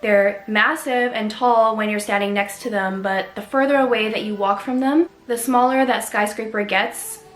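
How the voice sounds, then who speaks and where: A woman's voice: medium pitch, fairly even intonation. Earnest young woman telling a personal story. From Canada. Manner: earnest and emotional, candid with soft pauses. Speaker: vlogger. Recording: echoey room with faint music.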